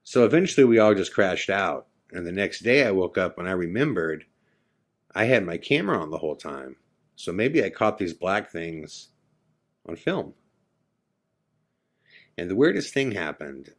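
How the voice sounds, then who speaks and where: Deep-voiced man telling a story casually. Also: very animated, normal speed, pauses often. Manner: loose and conversational, full of "you know" and "like". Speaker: podcast host. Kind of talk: casual storytelling of a personal ghost experience.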